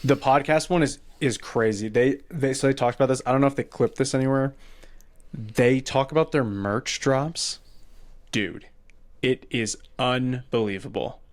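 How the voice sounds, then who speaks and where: Dry-joking man co-hosting a podcast. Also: mid-range voice. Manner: chimes in with dry jokes and quick agreement. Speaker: podcast co-host. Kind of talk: casual chat.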